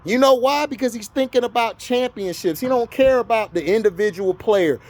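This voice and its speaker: A man from Florida in the US, with a very high, darkish voice, rants heatedly about sports to camera at a moderate pace. The vlogger is argumentative and scolds his viewers.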